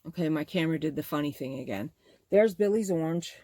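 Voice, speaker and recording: This middle-aged woman talks fast in a low, expressive, dark-toned voice, with slight background noise. Hosting her bag-making vlog, she gushes, exclaims and rambles through a casual show-and-tell of her materials.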